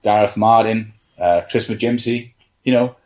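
A man's voice: on the low side, measured pace, a little mellow. Chatty man telling anecdotes, lo-fi. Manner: rambling anecdotes with frequent laughs and "you know". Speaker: guest team trainer. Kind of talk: casual storytelling on a podcast panel.

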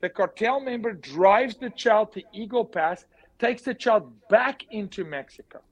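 A man speaking as an interview guest, forceful and emphatic, repeating his key words. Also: high voice, a little slow, poor audio. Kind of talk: impassioned interview talk.

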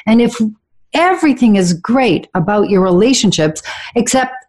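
A woman's voice: medium pitch, lively intonation, moderate pace, a little mellow. Frank, chatty woman host. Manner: frank, chatty, laughs easily. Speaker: talk show host. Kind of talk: frank talk show chat about relationships.

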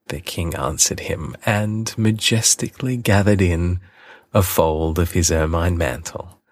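A man narrates a storybook with gentle, deliberate care. His voice is low and husky, taking its time over each phrase. The sound is dry and close, with no room around it. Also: no echo. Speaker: audiobook reader. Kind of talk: storybook reading.

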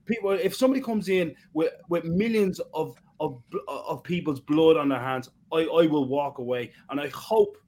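A man's voice: fairly high pitch, moderate pace, few pauses, mellow. A man arguing passionately on a football podcast, emphatic and swearing. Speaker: podcast co-host. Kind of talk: heated football podcast debate.

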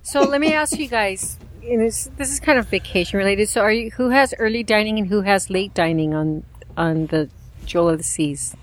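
A female podcast co-host who chats easily and without hurry. Her voice sits at a middle pitch. She asks her co-hosts questions in a plain, friendly tone. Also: normal speed, a little hiss or hum. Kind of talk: casual podcast chat.

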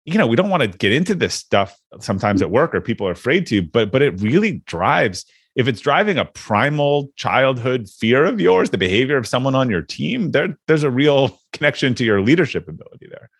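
A man's voice: medium pitch, very animated, brisk, few pauses, slightly rough, no room sound, studio quality. A man hosting a podcast, casually explaining workplace ideas with examples. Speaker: podcast host. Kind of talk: casual chat.

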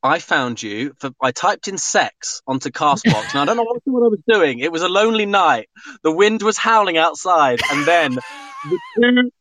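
A British man calling in to a podcast, with a high, lively voice that swoops up and down. He sounds bright and edged, and he jokes about himself. The line is dry with no room sound. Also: normal speed, no echo. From England. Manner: playful, self-deprecating. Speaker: caller, listener. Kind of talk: casual call-in chat.

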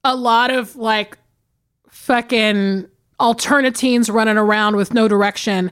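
A woman in her forties with a fairly high voice co-hosts a movie podcast. She tells stories in an animated, profane way and laughs often. Her talk is loose and casual. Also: unhurried, smooth. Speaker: podcast co-host.

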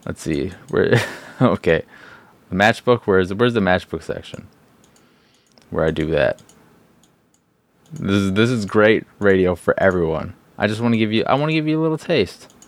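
A man's voice: low voice, animated, normal speed, long pauses, no echo. A man hosting a podcast, rambling in a casual, exasperated, self-mocking way. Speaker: podcast host. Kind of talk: casual solo podcast talk.

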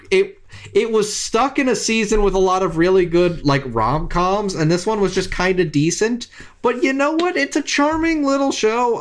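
A man co-hosting a casual podcast chat, animated and swearing freely, his voice jumping high when excited. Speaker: podcast co-host.

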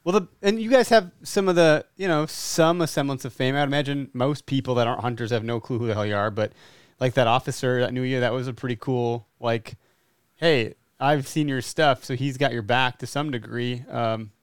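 A man's voice: mid-range voice, fairly quick, smooth, no echo, studio quality. A man hosting a podcast, asking curious, joking questions with some casual swearing. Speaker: podcast host.

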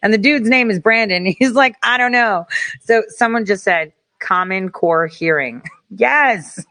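A woman vlogger giving casual, animated commentary, often laughing and incredulous. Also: mid-range voice, unhurried.

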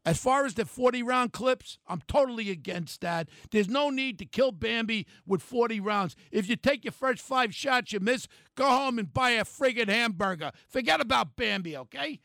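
An older man, delivering a blunt, angry talk radio rant and shouting at times. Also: very high voice, animated, normal speed, gravelly, few pauses, dry recording, studio quality.

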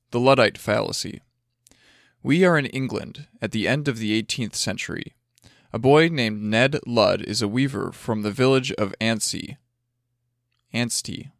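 A man reads an audiobook into a close, dry mic, his mid-pitched voice carrying a gravelly edge. He trips on tricky names, curses at himself and repeats them in take after take. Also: a bit bright, no room sound. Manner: stumbles on names, swears and retries. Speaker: audiobook narrator. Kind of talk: audiobook reading with bloopers and retakes.

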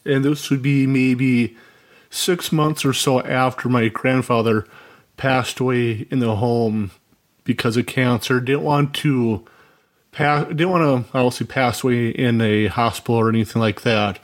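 A man's voice: medium pitch, measured pace. A man from Minnesota calling in to a radio show, telling a story in an earnest, rambling way with many asides. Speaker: caller. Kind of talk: phone-in storytelling.

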